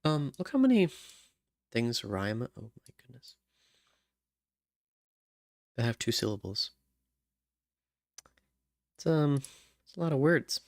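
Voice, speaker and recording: Slow, muttering man hums lyric ideas. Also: mid-range voice, big pitch swings, no room sound, clean studio sound. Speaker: songwriter. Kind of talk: thinking aloud while writing lyrics.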